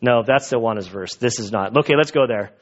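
A man's voice: mid-range voice, fast talker. A pastor preaching an earnest, conversational sermon to his church congregation. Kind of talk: expository sermon. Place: church sanctuary. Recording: dull lo-fi recording.

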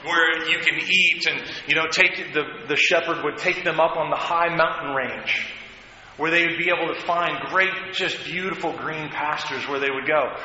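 A man's voice: fairly high pitch, normal speed, pushed and bright. A man preaching a sermon as pastor, speaking conversationally and rising into fervent prayer. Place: church hall. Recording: echoey hall, dull sound, faint noise.

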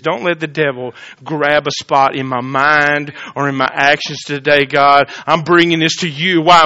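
A man preaching a sermon, swinging between loud fervent declarations and quiet confiding asides. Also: fairly high pitch, steady tone, moderate pace, highs cut off. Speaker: pastor.

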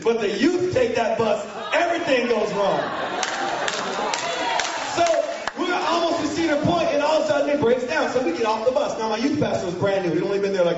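A man telling a funny story to an audience of students, animated and mocking, shouting for effect. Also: extremely high pitch, background noise. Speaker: speaker to students. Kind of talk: comic storytelling to a live audience. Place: large hall with an audience. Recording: echoey hall from far off, muffled, crowd.

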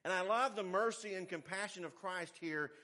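A man preaching a sermon, emphatic, swinging between hushed asides and forceful exhortation. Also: high-pitched, moderate pace.

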